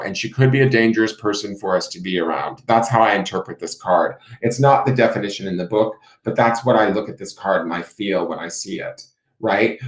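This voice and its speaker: Low-voiced man reading tarot, echoey room. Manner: musing, intuitive, many fillers and "right?". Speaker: tarot reader. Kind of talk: live-streamed tarot reading.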